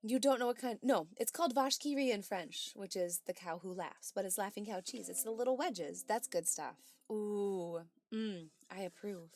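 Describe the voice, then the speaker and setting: A woman hosting a livestream in a casual chat, reading chat messages aloud and replying with bright exclamations and soft asides. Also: medium pitch, normal speed, hardly any pauses, dry recording.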